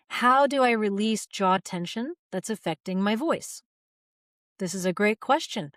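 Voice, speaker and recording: A woman in her forties, a voice teacher, calmly guiding viewers through jaw and shoulder stretches. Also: medium pitch, no echo, clean studio sound. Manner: calm, guiding, gentle. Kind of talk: instructional video talk.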